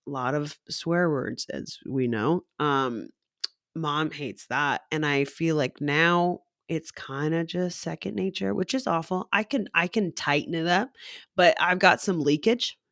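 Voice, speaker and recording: A woman's voice: sits low, a little slow, a bit bright, no echo, studio quality. A young woman who works in a coffee shop, talking in a rambling casual monologue, swearing freely and laughing often.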